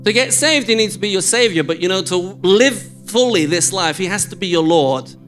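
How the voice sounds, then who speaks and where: A man's voice: high-pitched, animated, normal speed, fairly bright tone, faint music behind. An older man preaching as a guest in a church, chatty and enthusiastic, joking with the congregation and teaching a song. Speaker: guest preacher and worship leader.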